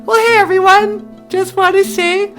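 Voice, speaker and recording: A woman's voice: very high-pitched, level tone, normal speed, fairly bright tone. A woman co-hosting a podcast in cheerful casual chat. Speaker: podcast co-host. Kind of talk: casual radio sign-off. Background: guitar music.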